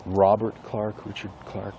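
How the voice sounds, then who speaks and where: A man who writes books and teaches a class, talking casually and thinking aloud with pauses and self-corrections. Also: fairly low pitch, completely flat delivery, dark tone, dull audio, slight background noise. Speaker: author and instructor. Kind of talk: casual rambling monologue.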